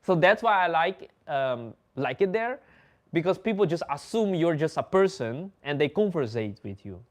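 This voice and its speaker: Casual: dutch dude, swoopy voice, telling stories on a stream, acts out what people said. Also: male voice, on the high side, moderate pace. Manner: animated, laughs often, acts out other people's lines. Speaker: livestream host. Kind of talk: casual storytelling.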